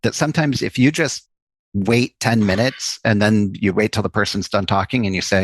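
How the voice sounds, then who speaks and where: Psychologist guy on a podcast, gravelly voice, kinda low, dry close mic, explains stuff with lots of examples. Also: expressive, moderate pace, no echo. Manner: explains ideas at length with examples. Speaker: psychologist and author, podcast guest. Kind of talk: interview conversation.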